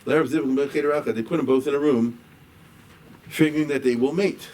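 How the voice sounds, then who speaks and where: In a lecture on a liturgical poem, a rabbi speaks fairly quickly in a medium-pitched, slightly mellow voice with fairly even intonation. His manner is conversational: he reads a line, then paraphrases it with asides and a "right?". Faint background noise comes through a distant mic.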